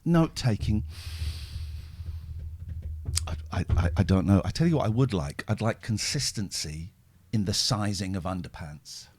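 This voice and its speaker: A man's voice: fairly low pitch, lively intonation, moderate pace, pauses often, a little mellow, slight background noise. A man hosting a podcast, chatting casually and mocking himself as he jumps from one tangent to the next. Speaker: podcast host. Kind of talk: casual chat.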